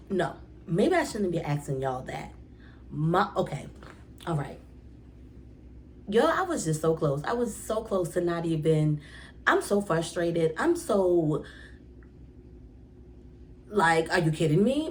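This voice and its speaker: A young woman hosting a TV recap vlog, talking in a casual, exasperated and animated way with many restarts. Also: lowish voice, slow pace, pauses often, a little hiss or hum. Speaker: TV recap vlogger. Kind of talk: casual rambling recap monologue.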